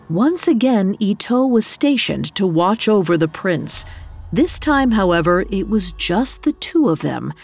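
Slow, gravelly woman narrating a story. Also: mid-range voice.

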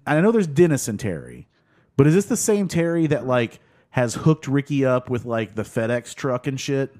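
A man's voice: medium pitch, sing-song, normal speed, darkish tone. A man co-hosting a casual podcast chat, rambling with lots of fillers and laughs. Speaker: podcast co-host.

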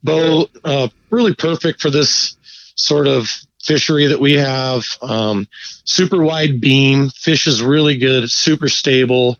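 Profane laid-back fishing storyteller, muffled. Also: male voice, medium pitch, measured pace, a bit bright. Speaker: guest angler. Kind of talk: casual storytelling.

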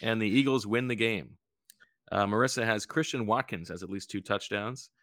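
A man's voice: fairly low pitch, normal speed, a bit bright, no echo, clean studio sound. A man hosting a casual podcast chat, playful, calling out bids like an auctioneer and telling jokes. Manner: playful, tells jokes, auctioneer-style calls. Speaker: podcast host running a bidding game.

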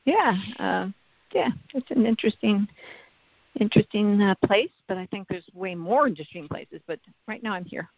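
A soft-spoken guest talks in a reflective, halting way, with a mid-range voice. The sound is dry and close. The recording is muffled and lo-fi. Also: mid-range voice, lively intonation, vocal fry, no room sound. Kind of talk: casual conversation.

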